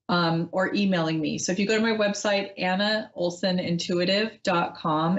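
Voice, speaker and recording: A woman hosting a live call-in psychic radio show, talking in a gentle, reassuring way with frequent ums. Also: mid-range voice, dull audio.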